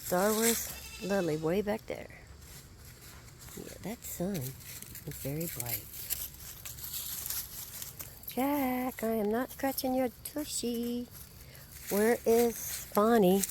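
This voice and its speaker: A woman's voice: medium pitch, big pitch swings, drawn-out words, long pauses, background noise. A woman, filming outdoors on her backyard farm and chatting affectionately to her animals in a casual baby-talk manner.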